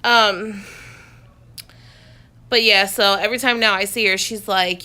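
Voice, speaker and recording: A woman's voice: medium pitch, fairly even intonation, measured pace, pauses often, sharp tone, clean tone. A woman talking casually to her phone camera from her couch at home, rambling with lots of fillers and restarts. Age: adult, has a son. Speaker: vlogger. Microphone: phone on a selfie stick, close.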